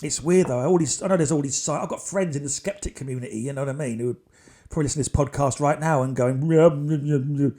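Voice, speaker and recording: A man's voice: mid-range voice, fast talker, darkish tone. A man hosting a podcast, telling stories in a chatty, digressive way with wry asides. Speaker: podcast host. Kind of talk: casual podcast storytelling.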